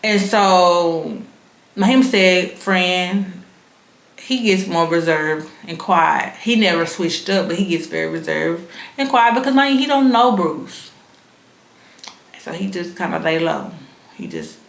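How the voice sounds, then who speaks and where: A woman's voice: lowish voice, big pitch swings, unhurried, vocal fry. A young woman, telling a story to her vlog audience in a frank, slangy, casually profane way. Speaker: vlogger. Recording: roomy echo.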